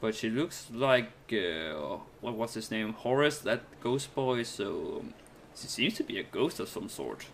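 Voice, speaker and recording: A man's voice: lowish voice, expressive, measured pace, gravelly, slight background noise. Rambling let's play man. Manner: rambling, musing aloud with light laughs. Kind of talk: casual gameplay commentary.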